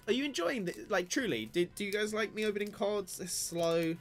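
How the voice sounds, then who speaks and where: Casual young male streamer, slightly high voice, rambling and self-mocking, light music bed behind. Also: sing-song, a little fast. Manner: rambling, chatty, self-deprecating, talks to chat. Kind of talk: casual live-stream card opening commentary. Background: faint background music.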